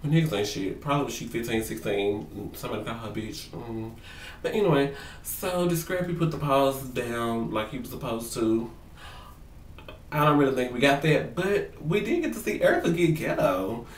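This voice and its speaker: A man's voice: mid-range voice, moderate pace, recorded from a distance, a little hiss or hum. Man, vlogger, gossipy reality-show recap, slangy and profane, roomy room, set back from the mic. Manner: animated, profane, slangy, acts out quotes in voices. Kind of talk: casual gossip commentary to camera. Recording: roomy sound, away from the mic.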